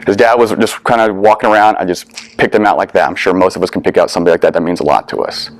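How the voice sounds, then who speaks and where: A man's voice: deep voice, steady tone, very fast. A young adult man, a veteran, telling a personal story to an audience in an earnest, candid way with casual swearing. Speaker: veteran speaker.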